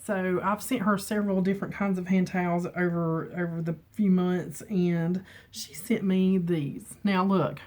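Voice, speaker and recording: A middle-aged woman chatting casually on camera from her home, emotional and quick to laugh. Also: fairly low pitch, level tone, a little mellow. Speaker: beauty vlogger. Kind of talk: casual chat. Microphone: camera mic with ring light.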